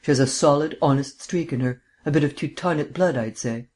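A man's voice: a little high, a little fast, darkish tone, close to an everyday voice. Audiobook: male narrator as a languid, learned sleuth who lectures at length, mannered drawl. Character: languid erudite male amateur detective. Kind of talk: audiobook character reading.

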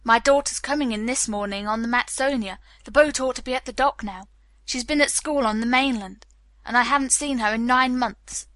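A woman's voice: a little high, moderate pace, hardly any pauses, a bit bright, no echo, close to an everyday voice. A woman reading as a hesitant, genteel father. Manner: polite, hesitant. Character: genteel middle-aged English father, evasive.

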